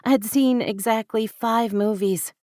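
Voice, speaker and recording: A woman's voice: fairly high pitch, steady tone, slow, darkish tone, dry recording, clean studio sound, pitched above the performer's own voice. A woman voicing a candid young woman who teases and confides earnestly. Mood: confiding.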